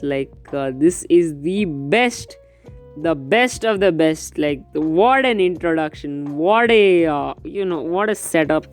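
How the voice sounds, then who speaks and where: A young man casually recapping a manga chapter in a rambling, excitable way, full of fillers. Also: a little high, a little slow. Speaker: manga reviewer. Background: faint background music.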